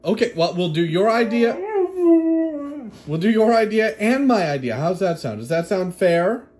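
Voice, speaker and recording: A woman talking playfully to her husky in a casual home video, switching between sing-song greetings and low, dry asides. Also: animated, moderate pace, darkish tone, slight background noise. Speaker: dog owner filming her husky. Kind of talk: casual talk to a pet.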